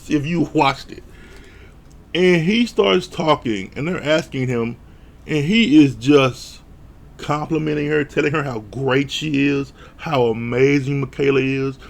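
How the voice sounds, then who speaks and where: Man, casual show recap, blunt and profane, gravelly, mid pitch. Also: measured pace. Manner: blunt, profane, animated retelling with mock quotes. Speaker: show reviewer.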